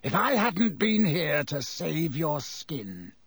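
A man voicing a cold, vengeful male schoolteacher with a silky, contemptuous, slow menace. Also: fairly high pitch, big pitch swings, fairly bright tone, slightly rough, dry recording, pitched above the performer's own voice, full character voice. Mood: silky cruel.

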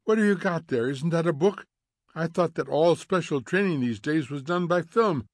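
A man's voice: fairly high pitch, normal speed, no echo, clean studio sound, pitched above the performer's own voice, close to an everyday voice. A man doing a prim gossipy lady. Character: prim, gossipy society woman.

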